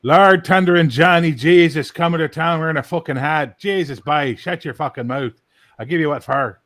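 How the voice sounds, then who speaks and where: A man doing a brash Newfoundland man, swearing and blustering in a thick Newfoundland accent. He talks slowly and loudly, with a rising, emphatic delivery. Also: on the high side, pitched above the performer's own voice, natural voice.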